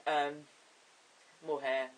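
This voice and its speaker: A man chatting in a casual video diary, his voice deepening and cracking, rambling and giggling as he talks. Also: level tone, drawn-out words, far from the mic, slight background noise, low-quality recording. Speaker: vlogger.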